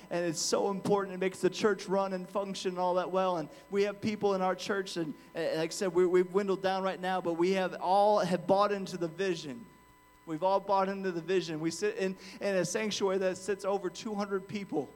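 Earnest preaching man, slightly high voice. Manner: earnest, builds from quiet storytelling to forceful preaching; frequent restarts and "amen" asides. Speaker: guest pastor. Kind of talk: sermon with storytelling.

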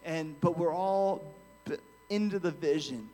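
A man preaching a sermon as a pastor in a church, telling a story quietly and then building to forceful, earnest preaching with frequent restarts. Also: on the high side, unhurried, slight background noise. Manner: frequent restarts and "amen" asides. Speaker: guest pastor.

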